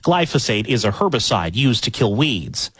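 A man reading a filed news report with a lively, inflected delivery. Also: medium pitch, moderate pace, husky, no room sound.

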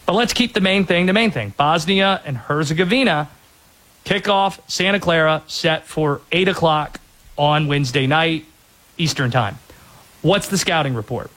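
A man's voice: a little high, lively intonation, moderate pace, a bit bright. A man hosting a sports show, giving an emphatic, opinionated soccer analysis.

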